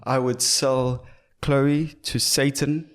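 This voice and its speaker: A man's voice: mid-range voice, flat delivery, slow pace. Joking, profane man. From South Africa. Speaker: podcast co-host. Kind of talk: casual chat.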